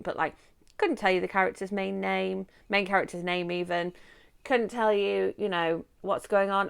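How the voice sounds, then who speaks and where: Chatty woman book vlogger, smooth voice. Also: fairly low pitch. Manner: chatty, rambling, bursts into excited squeals. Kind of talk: casual chat to camera. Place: home room.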